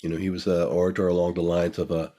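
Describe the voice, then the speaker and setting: A man's voice: sits low, completely flat delivery, fast talker, dark tone. An older man, a guest, telling a personal story in a reflective, emotional way, repeating phrases for emphasis.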